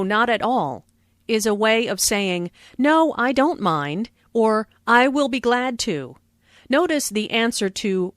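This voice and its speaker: Woman with slow, expressive teaching voice. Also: mid-range voice, no echo, studio quality. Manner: slow, clear, careful enunciation. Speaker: language lesson narrator. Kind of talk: scripted lesson narration and dialogue reading.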